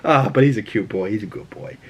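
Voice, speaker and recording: A man's voice: lowish voice, fairly quick, slightly rough. A man with a Boston accent hosting a casual TV episode recap, rambling with plenty of fillers. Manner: rambling, animated, lots of fillers. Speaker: host.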